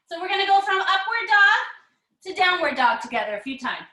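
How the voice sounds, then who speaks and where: A woman leading a children's yoga lesson, animated and encouraging, with sing-song storybook chanting as she greets kids by name. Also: very high voice, a little fast. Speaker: kids' yoga teacher.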